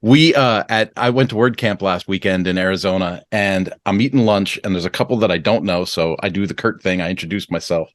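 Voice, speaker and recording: A man's voice: fairly quick, hardly any pauses, dry recording. A male podcast host chatting casually with his guest. He tells stories with gusto and jumps into other people's voices as he acts out their lines. The sound is dry and close to the mic. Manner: animated storyteller, acts out dialogue with big pitch jumps. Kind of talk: casual interview chat.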